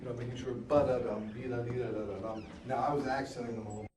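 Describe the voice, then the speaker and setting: A man's voice: mid-range voice, fairly even intonation, rapid-fire, darkish tone, faint music behind. A man coaching a band in rehearsal, singing rhythms in scat syllables as he explains, patiently repeating and restarting his phrases. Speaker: band instructor. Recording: echoey room from far off, noisy.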